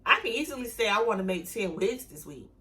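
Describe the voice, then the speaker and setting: A young woman talks straight to the camera in a bright, forceful voice. She preaches her message plainly, punches points with "okay?", and slows down to repeat affirmations. Her pitch sits in the middle for a woman. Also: big pitch swings. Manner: emphatic, repeats affirmations slowly. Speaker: vlogger teaching a hair business. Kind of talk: motivational talk to camera.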